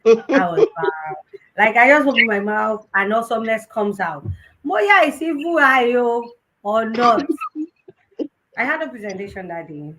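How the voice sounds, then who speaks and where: A woman's voice: a little high, big pitch swings, normal speed, noisy background. A young Nigerian woman hosting a live conference talk, telling a personal story with laughs and Yoruba phrases mixed in. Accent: Nigerian, Yoruba-influenced. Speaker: host.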